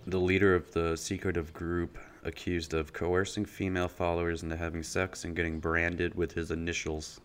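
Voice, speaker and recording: A man with a very low voice chats on a podcast, rambling and swearing freely. He keeps filling pauses with "like" and "uh" as he tells a story. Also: flat delivery. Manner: loose, profane, rambling with many fillers. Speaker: podcast co-host. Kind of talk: casual podcast chat.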